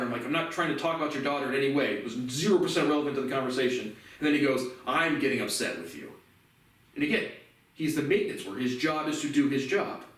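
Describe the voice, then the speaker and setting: A young man in his twenties rambles through an indignant, profane story, restarting his sentences as he goes. He sits well back from the mic. The room around him rings with heavy echo. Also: medium pitch. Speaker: vlogger. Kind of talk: casual storytelling rant. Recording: very echoey room, distant mic.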